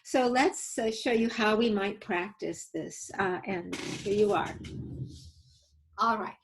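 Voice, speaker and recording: Speaking slowly in a mid-range voice, a woman teaches safety in a webinar over a video call, sharing stories and earnestly guiding her audience through exercises and live demos. There's slight background noise on the low-quality recording.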